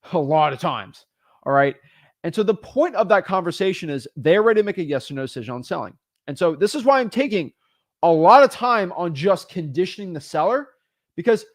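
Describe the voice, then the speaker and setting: A young man teaching real estate wholesaling in an energetic, casual way, acting out both sides of phone calls with sellers. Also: fairly high pitch, no echo, studio quality.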